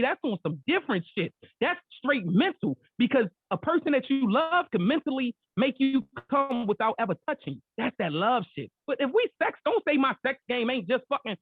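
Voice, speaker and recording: A man's voice: very high voice, slightly rough, no echo. A man hosting a podcast, arguing in a heated casual debate, profane and talking over others. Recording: tinny phone-like sound, dry.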